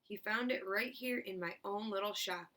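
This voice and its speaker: A woman voicing a fat, excitable male shopkeeper in a children's storybook reading, shouting high and fast when thrilled. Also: close to an everyday voice. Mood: shrieking excitement.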